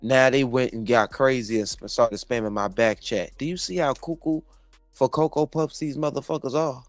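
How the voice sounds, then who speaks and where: A man's voice: medium pitch, moderate pace, no echo, faint music behind. A man hosting a casual livestream, talking to viewers and a co-host in a brash, profane, mocking way.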